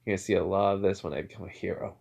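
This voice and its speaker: A man voicing a cheerful, cocky young male hero-in-training, speaking quietly and softly. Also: low voice, steady tone, rapid-fire, gravelly, husky, full character voice.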